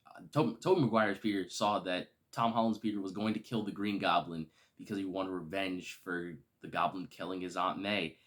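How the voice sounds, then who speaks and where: A man casually reviewing a film, excitable and gushing, with slangy, enthusiastic speech. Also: lowish voice.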